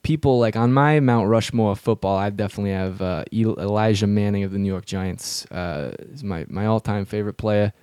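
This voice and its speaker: A man's voice: fairly low pitch, a little fast, hardly any pauses, darkish tone, smooth, dry recording. A man hosting a comedic sports radio show, rambling with lots of filler words. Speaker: radio host.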